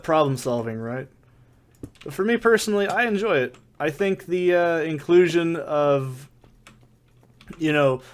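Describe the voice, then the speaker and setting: A man hosting a let's play, talking through his gameplay in a rambling, profane, mock-ranting way. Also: a little high. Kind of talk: casual gameplay commentary. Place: soundproofed home corner. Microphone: desk condenser mic with pop filter.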